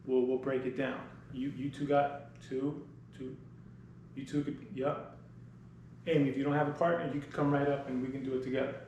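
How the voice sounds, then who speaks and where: A man teaching a Spanish class, patiently explaining and sounding words out slowly in a classroom, picked up by a camera mic at a distance. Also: mid-range voice, a little mellow, a little hiss or hum. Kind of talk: classroom demo lesson. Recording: very echoey classroom, from the mic, music behind.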